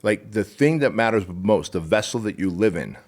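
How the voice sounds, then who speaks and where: Emphatic low-voiced man, preaching hard. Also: animated, normal speed. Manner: emphatic, forceful, swears and preaches. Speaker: podcast guest. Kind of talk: casual interview chat.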